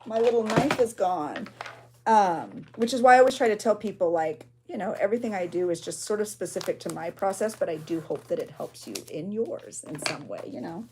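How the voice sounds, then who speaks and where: A woman's voice: fairly low pitch, normal speed, dark tone, slight background noise. A woman chatting casually on a livestream while she crafts, reading viewer comments aloud and reacting with gasps and exclamations. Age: adult with a child. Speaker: junk journal creator hosting a livestream.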